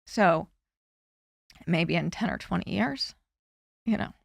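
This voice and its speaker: Earnest woman candidate, low voice. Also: animated, creaky, no room sound. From Florida. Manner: earnest, heartfelt, with frequent "you know" and pauses. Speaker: congressional candidate guest. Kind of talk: candid interview conversation.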